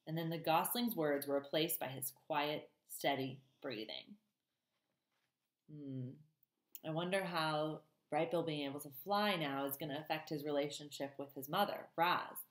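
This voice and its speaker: Low-voiced teacher reading aloud. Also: female voice, a little slow, echoey room. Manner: warm, chatty, many ums. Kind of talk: reading a children's novel aloud and chatting to students.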